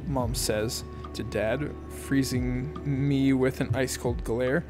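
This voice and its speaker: A man narrates an audiobook in the first person, his reading amused and lively. His voice sits at an ordinary middle pitch. Faint music plays underneath. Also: normal speed, few pauses.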